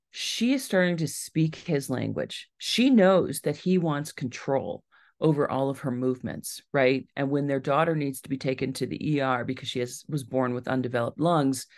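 A woman author giving a library talk, telling a true story and acting out the people in it. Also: extremely low pitch. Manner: animated storyteller, acts out quoted voices. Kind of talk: storytelling lecture.

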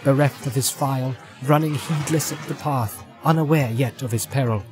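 A man reading a fantasy story aloud in a measured, dramatic narration style. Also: medium pitch. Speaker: audiobook narrator. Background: music.

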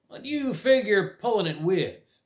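A man doing a gruff, grasping farmer uncle. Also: high voice, big pitch swings, moderate pace, voice pushed up. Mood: scheming. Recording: roomy echo.

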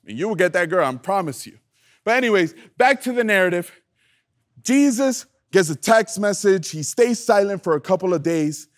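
A man preaching a youth sermon with passion, calling the room to repeat lines back to him and swinging from loud emphasis to hushed lows. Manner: passionate, call-and-response preaching. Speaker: youth pastor.

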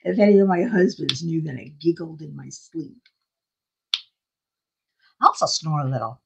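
Husky, chatty older woman. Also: sits low, normal speed, muffled recording. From South Florida. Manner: chatty, laughs often, self-deprecating. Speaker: craft livestream host. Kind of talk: casual rambling chat.

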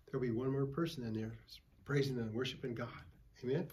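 Folksy older pastor preaching a Bible study. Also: male voice, mid-range voice, quick pace, darkish tone, a little hiss or hum. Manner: folksy storytelling preacher, calls for amens. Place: church.

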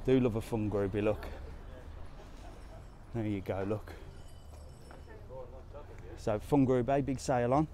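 Speaking slowly and pausing often, this man has a warm, mid-range voice. He's a travel vlogger on a live walk through the streets and squares of a resort town, chatting casually and answering comments.

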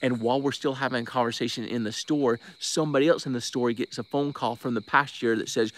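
A man's voice: mid-range voice, steady tone, fast talker, few pauses, a bit bright. A man from Oregon, a diver hosting a casual live-stream update outdoors at night, rambling with restarts and thanking donors by name. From Bend, Oregon. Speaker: search-and-recovery diver, live-stream host.

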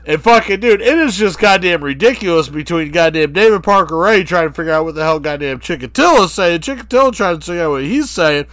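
Bright, dry-voiced podcast co-host. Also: male voice, high voice, no room sound. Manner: profane, rambling, animated. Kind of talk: crude comedic storytelling.

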